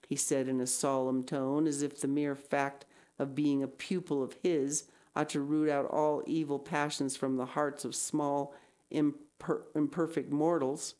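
A woman's voice: sits low, little pitch movement, unhurried, warm tone. A woman reading a classic novel aloud, now and then breaking off into casual asides. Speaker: reader.

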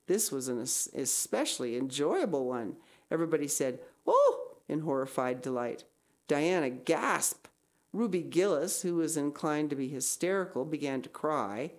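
A woman's voice: sits low, darkish tone. A woman reading a classic novel aloud, now and then breaking off into casual asides. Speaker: reader.

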